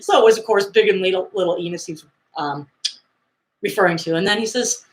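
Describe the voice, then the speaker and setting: A woman's voice: mid-range voice, brisk, roomy sound. Chatty woman recapping a movie. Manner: chatty, animated retelling with acted-out quotes and laughs.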